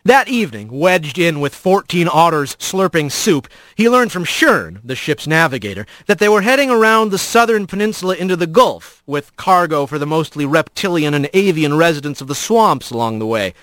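A man narrating a storybook with an expressive, animated reading. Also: a little high, moderate pace, hardly any pauses, no echo. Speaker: audiobook narrator.

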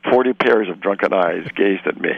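A man's voice: low-pitched, fairly quick, gravelly, no room sound, narrow, tinny audio. An older man from Canada, a film director, telling rambling anecdotes in a radio interview and acting out the voices of the people in his stories.

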